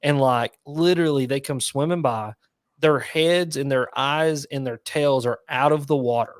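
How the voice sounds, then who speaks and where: A man on a podcast as a guest angler, chatting casually and excitedly, full of "like" fillers. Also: mid-range voice, moderate pace, dry recording, clean studio sound.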